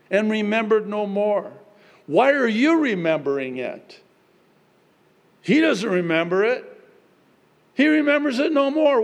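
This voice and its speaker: A male pastor delivering a sermon in a church sanctuary with a long, ringing hall reverb. His voice is gravelly and fairly high, and it rises and falls in lively, sweeping arcs. He preaches slowly and deliberately, shifting between loud exclamations and hushed prayer.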